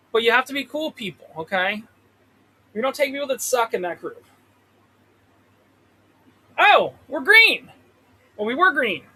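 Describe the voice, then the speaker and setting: This stock-trading streamer has an extremely high-pitched, fairly bright voice. He rambles and swears at the chart during a casual session in a trailer, recorded poorly through a desk mic fitted with a pop filter.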